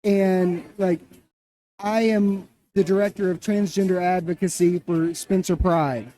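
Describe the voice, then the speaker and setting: Slow, mellow-voiced earnest man. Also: high voice, fairly even intonation. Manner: earnest, halting, repeats phrases. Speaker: interview guest. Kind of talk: casual interview.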